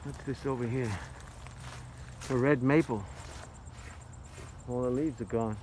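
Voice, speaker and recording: A man's voice: medium pitch, fairly even intonation, takes it slowly, darkish tone, slight background noise, low-quality recording. An older retired man rambling and joking as he films a casual walking vlog outdoors. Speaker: vlogger. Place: outdoors in an arboretum.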